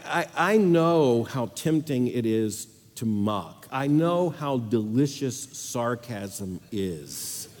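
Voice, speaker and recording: Emphatic preacher in a big hall. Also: male voice, mid-range voice. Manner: emphatic, repeats phrases, swings between loud and quiet. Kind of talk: sermon.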